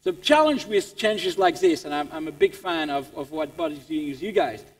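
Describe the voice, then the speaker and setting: A man with a French accent giving an animated motivational business talk to staff. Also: on the high side, normal speed. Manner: animated, repeats words as he restarts. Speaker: keynote speaker. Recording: long reverb in a large hall.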